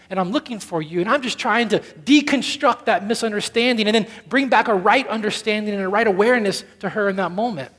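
A man preaching a sermon as pastor, telling a story that swings between loud urgency and hushed softness. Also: sits high. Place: church sanctuary. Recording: church hall with long reverb.

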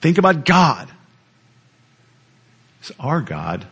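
Male pastor, slightly high voice, animated teaching sermon delivery. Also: slow pace, gravelly, breathy edge. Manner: animated teaching, repeats words, asks the audience questions.

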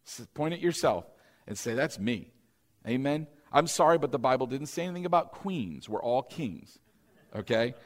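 Animated preaching man, lively pitch. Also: moderate pace. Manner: preaching with call-and-response prompts; rising to emphatic, louder peaks. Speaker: pastor. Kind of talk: sermon.

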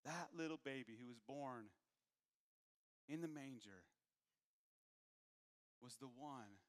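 A man preaching a sermon, moving from hushed, low passages to raised, emphatic ones. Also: takes it slowly, long reverb tail.

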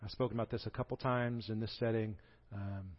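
A man's voice: on the low side, fairly even intonation, fairly quick, muffled recording. A man with a Southern American accent preaching a sermon as pastor, telling the story with animation and acting out the quoted voices.

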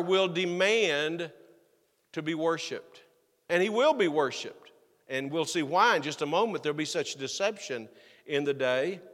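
A man's voice: fairly high pitch, a bit bright. A man preaching an expository sermon as pastor, reading scripture aloud and then explaining it plainly, with frequent restarts. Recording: long hall reverb.

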